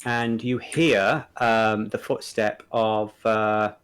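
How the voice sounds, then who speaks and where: A man narrating as dungeon master in a live tabletop game, unhurried and full of filler words. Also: lowish voice, flat delivery, a bit bright, smooth, poor audio.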